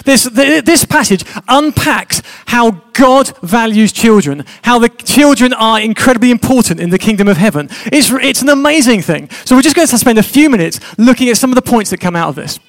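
A man's voice: extremely high pitch, animated, fairly quick, hardly any pauses. A man preaching a sermon, chatty and joking with his congregation.

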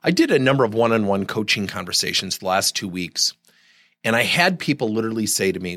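A man with a lowish, brisk voice hosts a solo coaching podcast, giving direct advice. He tells animated stories, acting out the people he quotes.

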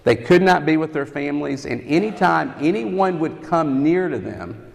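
Gravelly male preacher in a reverberant hall. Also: on the high side, expressive, normal speed. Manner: earnest teaching with rhetorical questions. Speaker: campus ministry preacher. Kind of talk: sermon.

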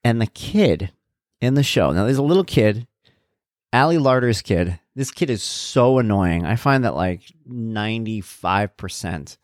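A man's voice: fairly low pitch, dry recording, studio quality. A man talking casually about TV shows, chatty and wry, drifting from one tangent to the next. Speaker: vlogger and father. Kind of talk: casual rambling chat.

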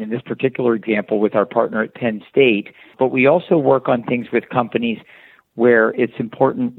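Male guest explaining over a phone line. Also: on the low side. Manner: explanatory, restarts often, uses examples. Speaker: guest, company founder. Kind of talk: interview answers. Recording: tinny phone line, dry.

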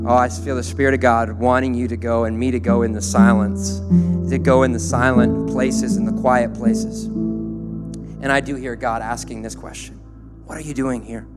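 A man's voice: mid-range voice, little pitch movement, moderate pace, over loud music. A man preaching a sermon, urging his listeners with short repeated calls. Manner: exhorting, repetitive, builds to loud celebration then drops soft. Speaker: pastor.

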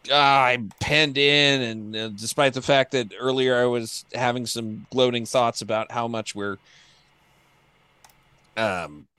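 A man's voice: mid-range voice, fairly even intonation, takes it slowly, sharp tone, clean tone, no room sound. Brief: dramatic complaining woman warlord, voiced by a man. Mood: whiny. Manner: whiny mock lament.

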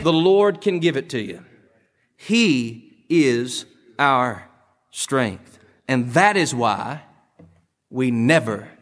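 Impassioned male preacher in a reverberant church. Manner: impassioned preaching with sudden pitch leaps and hushed drops. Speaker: pastor. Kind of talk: sermon. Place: church sanctuary.

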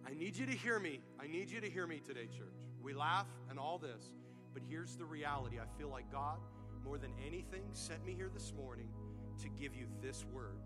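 A man's voice: on the high side, lively intonation, moderate pace, music in the background. A man preaching a sermon to his church, mixing funny stories with rising, fervent calls to his congregation. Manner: humorous storytelling, building to loud preaching. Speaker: pastor.

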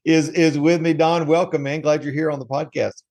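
A man's voice: fairly high pitch, fairly even intonation, normal speed, darkish tone. A man with a Southern American accent, hosting a podcast interview in a friendly, chatty way with easy laughs. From Georgia, USA. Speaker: podcast host. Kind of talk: casual interview chat.

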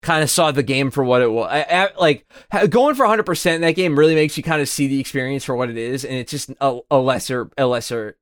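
A young man chatting casually as a podcast co-host, rambling with hesitant restarts and casual swearing, often trailing off quietly. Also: medium pitch, fast, few pauses, dry recording, clean studio sound. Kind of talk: casual chat.

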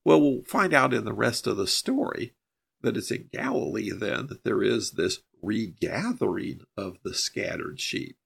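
A man's voice: fairly low pitch, big pitch swings, measured pace, vocal fry, a bit bright, slightly rough. A man teaching a Bible passage verse by verse on a podcast, explaining each verse plainly and then driving home the key points.

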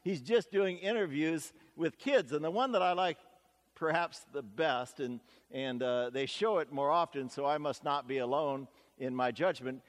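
Man pastor, conversational sermon, slightly higher voice, long hall reverb. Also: normal speed. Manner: conversational, folksy storytelling with asides.

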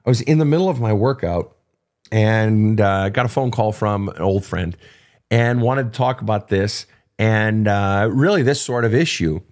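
A man's voice: fairly low pitch, normal speed, darkish tone. Blunt, profane man giving advice. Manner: blunt and profane, emphatic repetition. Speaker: host answering listener questions. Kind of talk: unscripted advice talk.

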